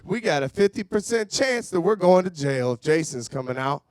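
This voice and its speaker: A young man doing a profane stand-up set at a bar, shouting out to the crowd. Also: fairly high pitch, lively intonation, moderate pace, no room sound, studio quality. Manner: brash, profane storytelling with shouted crowd work. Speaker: stand-up comedian. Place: comedy bar stage.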